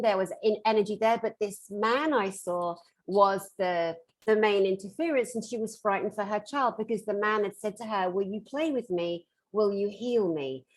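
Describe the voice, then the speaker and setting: A woman's voice: mid-range voice, rough recording. A woman working as a metaphysical therapist, telling a story on a conference panel and acting out the lines of the people in it. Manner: animated, acts out quoted dialogue.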